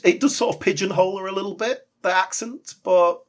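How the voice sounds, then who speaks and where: A man's voice: high voice, a little fast. Chatty, wry man podcasting. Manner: chatty, wry, laughs often. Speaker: podcast co-host. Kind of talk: casual chat about sitcom history.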